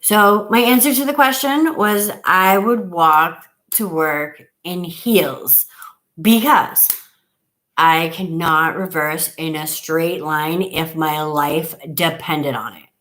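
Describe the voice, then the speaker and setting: A middle-aged woman chats on a home live stream in a somewhat low voice. She rambles along, losing her thread and trailing off quietly as she counts. It sounds like a device camera sitting on a table at home. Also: takes it slowly. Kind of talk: casual live stream chat.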